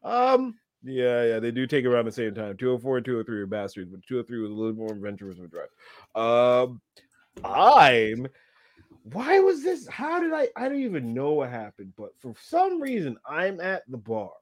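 A man in his thirties hosting a podcast, telling stories in a casual, animated way and acting out the people in them. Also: medium pitch, moderate pace, no room sound, studio quality. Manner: animated, laughing storyteller acting out quotes. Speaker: podcast host. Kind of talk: casual storytelling chat.

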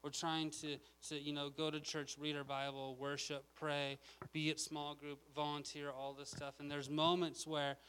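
Casual male preacher, a bit high, bright tone, conversational. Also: monotone, moderate pace, clean tone, low-quality recording. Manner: casual, chatty, lots of "okay?". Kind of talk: sermon.

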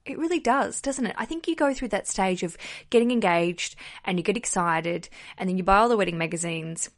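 A woman's voice: medium pitch, a little fast. A young woman, hosting a podcast in a chatty, upbeat way and giving listeners advice. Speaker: podcast host.

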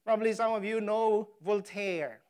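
A woman preaching a sermon, stressing key words hard and pausing for effect. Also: medium pitch, darkish tone, clear, resonant tone. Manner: emphatic, dramatic pauses on key words; slow, deliberate delivery. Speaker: pastor.

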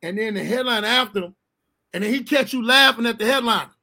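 A man chats on a comedy podcast. His voice sits high and sounds bright and forceful. He swears freely and slips into little acted scenes as he talks. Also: fast talker. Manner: loud, profane, acts out scenes in funny voices. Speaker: podcast co-host. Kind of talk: casual comedic chat.

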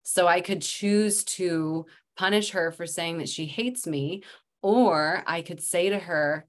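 A woman in her thirties, a mother and somatic practitioner, speaking calmly and reflectively as a podcast guest, laughing often. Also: fairly low pitch, slow. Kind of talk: casual podcast interview.

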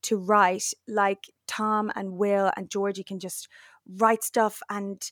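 A woman's voice: mid-range voice, slow, no echo, studio quality. A young woman chatting as a guest, telling stories and acting out what people said. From Ireland. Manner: lively storyteller, acts out quoted voices. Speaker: guest, actor and comedian. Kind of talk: casual chat.

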